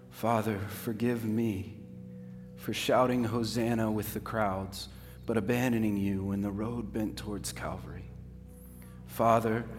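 Low-voiced man in earnest prayer. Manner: earnest, building from hushed to fervent. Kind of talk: spoken prayer of confession. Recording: reverberant hall over instrumental music.

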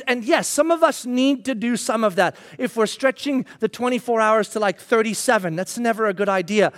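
A man in his thirties, a pastor, preaching a sermon and telling a lively personal story, acting out his own lines. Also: extremely high pitch, a little fast, few pauses.

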